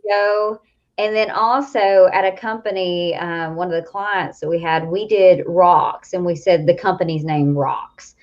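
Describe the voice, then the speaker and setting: Animated Southern woman coach, lo-fi. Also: fairly low pitch, unhurried. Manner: animated, laughing, rambling. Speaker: coach, co-host. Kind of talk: casual chat. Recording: dull lo-fi audio.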